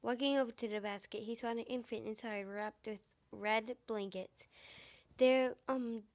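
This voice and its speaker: A woman with a high, squeaky voice reading a fan-fiction story aloud, halting and stumbling with many fillers and restarts. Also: steady tone, dull audio.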